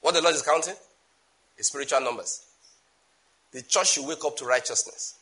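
A man with a Nigerian accent preaching a sermon emphatically, with sudden loud bursts and asides in Nigerian Pidgin. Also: on the high side, normal speed.

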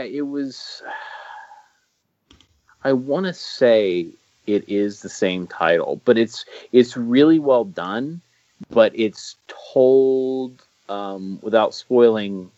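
A low-voiced man talks on a podcast in a loose, rambling way, circling back and restarting his sentences with eager enthusiasm. The recording is dry and close, with a dull, lo-fi tone. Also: darkish tone, no room sound. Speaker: podcast co-host. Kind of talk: casual podcast chat about films. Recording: dull lo-fi sound.

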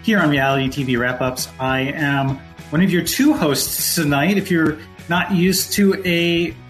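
A man co-hosts a casual podcast chat, his voice sitting a little high. He talks in a loose, relaxed way, often pausing on fillers and starting sentences over. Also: faint music behind. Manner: relaxed, hesitant with fillers and restarts. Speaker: podcast co-host.

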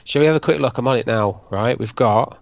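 A man's voice: mid-range voice, fairly quick, gravelly, dry recording, lo-fi sound. A man co-hosting a podcast, chatting in a blunt, jokey, slangy way. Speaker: podcast co-host. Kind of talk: casual chat.

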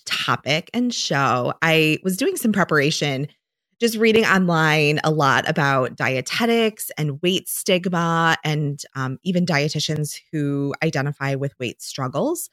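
Low-voiced chatty woman podcaster. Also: lively intonation, a little slow, a bit bright, no echo, studio quality. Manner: chatty, rambling with fillers and restarts. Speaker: podcast co-host; dietitian. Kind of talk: casual chat.

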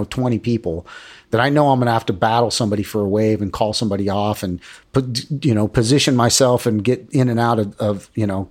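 A man talking casually about surfing, rambling and acting out the voices of people in his stories. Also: fairly low pitch. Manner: rambling, animated, acts out quoted voices. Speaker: surfer guest. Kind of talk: casual chat.

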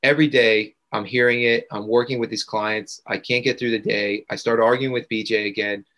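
A man's voice: on the low side, fairly even intonation, brisk, fairly bright tone. A man, a guest on a podcast, earnestly telling a personal story and emphatically repeating key words. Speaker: podcast guest, integration coach.

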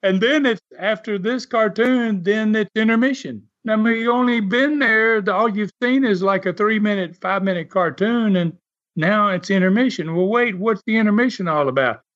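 His voice sits high and fairly bright, moving at normal speed. He's an older Southern former wrestler telling relaxed stories in a drawl, full of chuckles and "uh" fillers. The audio sounds dull and lo-fi.

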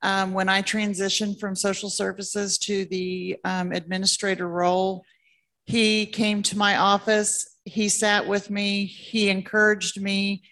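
Woman, administrator, sincere, heartfelt, flat even delivery. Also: medium pitch, measured pace. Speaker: administrator of a senior home. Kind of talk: panel interview.

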